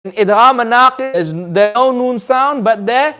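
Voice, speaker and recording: A man's voice: very high voice, measured pace, pushed and bright. A man teaching a Quran recitation class in a community centre, patiently quizzing his students and modelling the sounds aloud. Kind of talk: classroom lesson.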